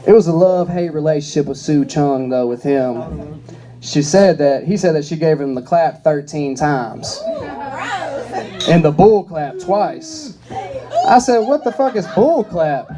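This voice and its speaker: A man's voice: a little high, expressive, measured pace. A man performing stand-up comedy, telling crude, rambling stories. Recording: live comedy club crowd.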